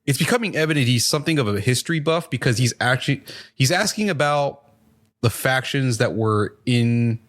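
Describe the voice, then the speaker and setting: A man in a casual podcast chat, walking through a TV episode's plot at an easy, rambling clip. He swears freely and leans on fillers, at an ordinary middle pitch for a man. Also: lively intonation, a little fast, fairly bright tone. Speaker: podcast co-host reviewing a TV show.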